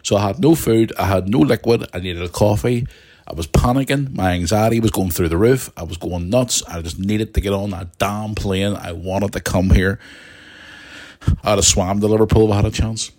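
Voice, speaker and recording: A man's voice: fairly low pitch, normal speed, a little mellow. A young man hosting a podcast, telling a long rambling story with plenty of restarts and asides to his listeners. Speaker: podcast host. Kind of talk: casual storytelling monologue.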